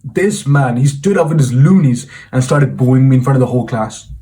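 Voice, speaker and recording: A man's voice: mid-range voice, expressive, moderate pace, warm tone. Casual young man addressing viewers. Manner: informal, peppers talk with "bro", reflective and earnest. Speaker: self-improvement vlogger and coach. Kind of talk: casual storytelling monologue to camera.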